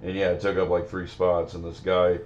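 Deep-voiced profane rambling podcast host. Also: male voice, monotone, fairly quick, a little mellow, muffled recording, slight background noise. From Missouri. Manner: rambling, profane, joking storyteller. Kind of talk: casual banter.

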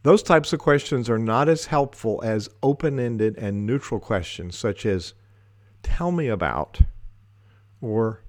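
A man giving a measured talk on leadership, laying out his points one by one with deliberate emphasis. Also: mid-range voice, darkish tone, dry recording. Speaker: leadership speaker.

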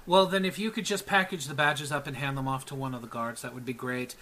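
Male game master, bright ringing voice, loose and rambling. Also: mid-range voice, fairly even intonation, fast talker. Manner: casual, rambling with many ums, laughs at own jokes. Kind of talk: narrating a tabletop game, voicing NPCs.

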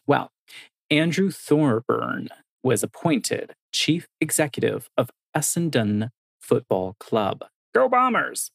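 A man's voice: medium pitch, expressive, slow, gravelly. A young man reads news items for a podcast, with jokes mixed in. The sound is dry and close, with no room echo. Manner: light, joking, reads quotes aloud. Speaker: podcast co-host reading news. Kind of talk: casual news chat.

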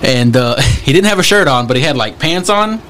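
A man's voice: mid-range voice, animated, moderate pace, fairly bright tone, slight background noise. A man co-hosting a podcast, telling rambling stories in casual chat. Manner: rambling storyteller, lots of fillers and repeats. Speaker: podcast co-host.

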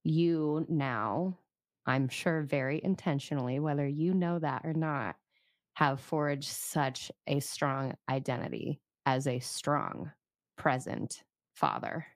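A woman co-hosting a podcast, chatting in a thoughtful, measured way. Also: sits low, lively intonation, no room sound, clean studio sound. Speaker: podcast co-host. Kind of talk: casual interview chat.

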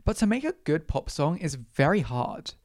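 A woman's voice: deep voice, sing-song, moderate pace, a little mellow, no echo, studio quality. A young woman hosting a solo podcast, ranting with exaggerated, sweary outrage. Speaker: podcast host. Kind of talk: solo comedic rant.

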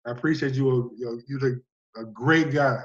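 A man's voice: medium pitch, normal speed, highs cut off. A man talking as a basketball coach and podcast guest, telling stories and acting out his players' words in casual conversation. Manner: animated storyteller, acts out players' words.

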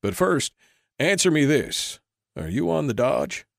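Guy doing a calm, cold old-west saloon boss, grave and gravelly, dry sound. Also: on the high side, unhurried, no room sound, voice pushed up. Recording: dry close recording.

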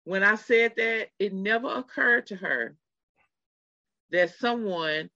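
A middle-aged podcast host spins a story at an easy, unhurried pace, talking straight to the listeners. The voice sounds bright and forward. The sound is dry and close, a little dull and lo-fi. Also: medium pitch, no echo. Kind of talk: casual podcast chat.

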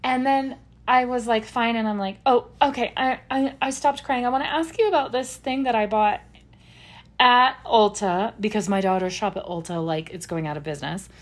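A woman's voice: on the high side, normal speed. Rambling emotional woman chatting. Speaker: podcast co-host. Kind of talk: casual chat.

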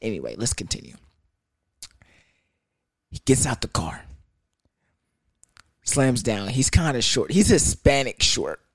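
A young man telling a casual story in an animated, profane, rambling way. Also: medium pitch, slow pace, pauses often, dry recording, clean studio sound.

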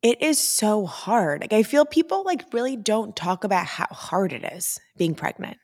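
A woman's voice: mid-range voice, sing-song, normal speed. A young pregnant woman chatting candidly with her mother, a little short of breath. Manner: candid, tired, frank. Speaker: fitness trainer. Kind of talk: casual chat.

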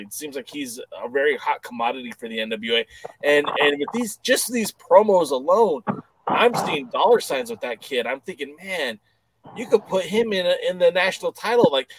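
A man's voice: a little high, poor audio. A man co-hosting a casual wrestling podcast, talking enthusiastically in long run-on stretches. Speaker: podcast co-host.

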